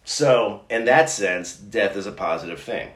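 A middle-aged man chatting casually as a co-host, telling stories in a rambling, animated way with many restarts. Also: on the low side, measured pace. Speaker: podcast co-host. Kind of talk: casual chat. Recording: roomy echo.

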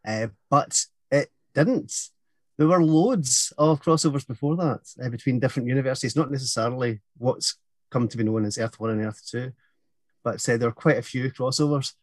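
An enthusiastic man chats as a podcast co-host and laughs easily. His voice sits in a middle pitch. The sound is dry and close. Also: moderate pace, dry recording. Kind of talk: casual chat.

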